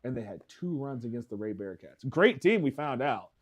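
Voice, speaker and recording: A man's voice: medium pitch, very animated, moderate pace, husky. A man co-hosting a local sports radio show, laid-back and friendly, reading out player stats. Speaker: sports show co-host and broadcaster. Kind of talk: casual sports talk radio.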